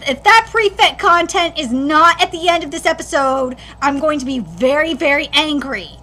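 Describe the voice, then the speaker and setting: A young woman reacting live to an anime episode, excitable and swearing freely, jumping from loud squeals to low grumbles. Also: slight background noise.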